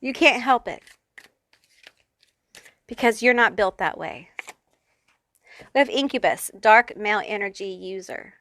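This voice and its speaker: A woman's voice: medium pitch, unhurried, pauses often, fairly bright tone, no room sound. A woman giving a pick-a-card tarot reading, talking straight to the viewer in a blunt, profane, fired-up way. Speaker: tarot reader.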